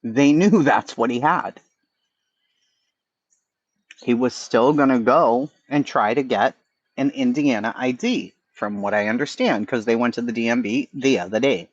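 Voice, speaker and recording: A man's voice: medium pitch, normal speed, no room sound, highs cut off. Blunt man with a Boston accent. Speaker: livestream host. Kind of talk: casual livestream chat.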